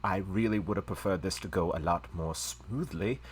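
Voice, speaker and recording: A man voicing a courteous, apologetic male humanoid envoy in a live-streamed tabletop game, speaking quietly and in measured phrases. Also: deep voice, husky. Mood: apologetic, reassuring.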